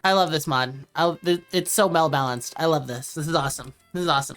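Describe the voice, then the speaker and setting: A woman's voice: low-pitched, quick pace, hardly any pauses, faint music behind. A woman giving casual commentary over a strategy game, joking and rambling and swearing freely as she plays. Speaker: gaming video creator.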